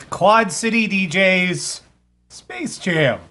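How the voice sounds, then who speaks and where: A man's voice: sits high, animated, very slow, pushed and bright. A man hosting a casual live radio show, rambling and sarcastic, swearing freely as he talks.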